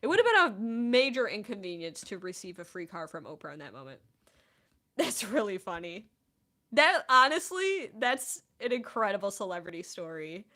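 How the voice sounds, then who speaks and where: A woman in her thirties hosting a casual chat stream, telling stories in an animated, chatty way. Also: mid-range voice, normal speed. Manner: chatty, animated storytelling with laughs.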